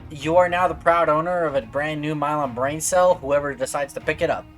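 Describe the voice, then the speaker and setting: A man's voice: a little high, brisk, fairly bright tone, faint music behind. A man streaming a video game, chatting casually in a playful, rambling, self-mocking way while sleepy and yawning. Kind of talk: casual gameplay chat.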